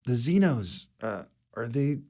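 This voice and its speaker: A man's voice: mid-range voice, lively intonation, slow pace, a little mellow, pitched above the performer's own voice. A man voicing an injured female officer whose damaged lungs make her voice clipped and choppy. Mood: alarmed, questioning. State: hurt and weak.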